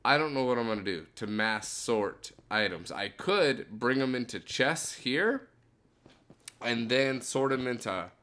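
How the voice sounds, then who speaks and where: A man's voice: mid-range voice, pushed and bright. A young man giving casual gameplay commentary as a YouTuber, rambling and breaking into frustrated outbursts. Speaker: gaming YouTuber.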